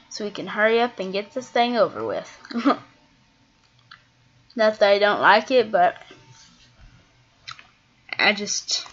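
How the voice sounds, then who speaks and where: A woman's voice: mid-range voice, fairly bright tone. A woman giving casual gameplay commentary, chatting and thinking aloud as she plays, often trailing off mid-thought. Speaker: gaming video creator. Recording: dull lo-fi mic.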